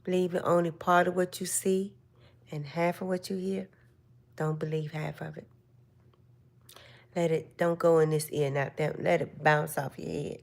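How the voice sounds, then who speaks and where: An older woman hosting a casual live stream chat, giving slow, gentle, motherly advice to her viewers. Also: low-pitched, little pitch movement, creaky.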